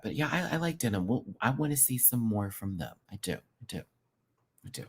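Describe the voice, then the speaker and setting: A man reviewing a reality show in an excited, casual rant, full of slang and profanity, jumping between loud outbursts and low asides. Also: a little fast, breathy edge. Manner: playful drag slang, profanity.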